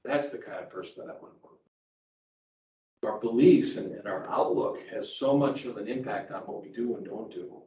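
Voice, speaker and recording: A man's voice: on the low side, normal speed, dark tone. A middle-aged man, speaking as a sales trainer at a live seminar, conversational, repeating words as he tells personal stories. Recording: echoey room, distant mic, faint background ambience.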